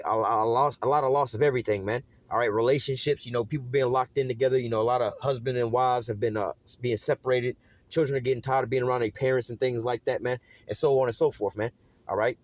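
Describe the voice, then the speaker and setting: A Bible teacher leads an informal, rambling study, reading verses and remarking on them in street slang peppered with fillers like "man" and "all right." He has a mid-range voice, and the recording is dry.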